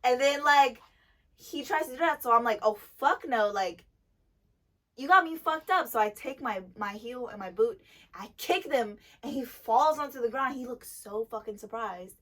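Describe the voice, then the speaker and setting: A young woman co-hosting a casual chat, telling stories animatedly with lots of swearing and loud bursts. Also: on the high side, normal speed, distant mic. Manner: animated, profane, loud bursts when retelling anger. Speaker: podcast co-host, dancer.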